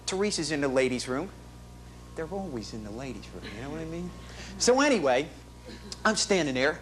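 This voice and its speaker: Bragging his way through a one-man comic monologue on a theater stage, an actor portrays a chatty working-class family man who rambles in street slang with bad grammar. He talks briskly in a very animated, fairly bright voice that sits on the high side.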